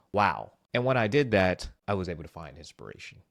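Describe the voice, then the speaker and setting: A man presenting a scripted motivational vlog with self-help advice, animated and self-mocking, with playful asides. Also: sits low, vocal fry, dry recording, studio quality.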